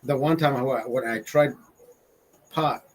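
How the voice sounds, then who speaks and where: A man's voice: mid-range voice, takes it slowly, low-quality recording. A man in his forties from Honduras telling a rambling, profane story in casual chat, laughing as he goes. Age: 40s. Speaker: podcast host.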